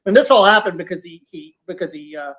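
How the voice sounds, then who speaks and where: A man, a sports reporter on a panel, speaking casually in a halting way with many restarts. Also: high-pitched, animated, a bit bright.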